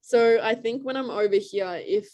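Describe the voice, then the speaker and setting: A woman's voice: on the high side, normal speed, dark tone. A young Australian woman with an Australian accent, a college lacrosse player answering casual interview questions over a video call, chatty, laughing often and full of "like" fillers. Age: young adult.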